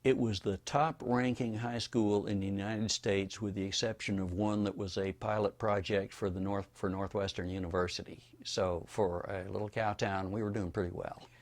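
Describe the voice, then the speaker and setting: Here an older man from Florida, his voice on the low side, trades wry stories for an oral history project. He talks at a normal clip, relaxed, with hardly any pauses.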